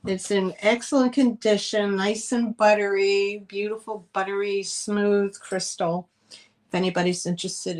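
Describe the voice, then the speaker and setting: Slow, chatty middle-aged woman host. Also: medium pitch, steady tone, a little mellow. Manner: chatty, rambling, laughs easily. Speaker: live sale host. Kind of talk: casual live-stream selling chat.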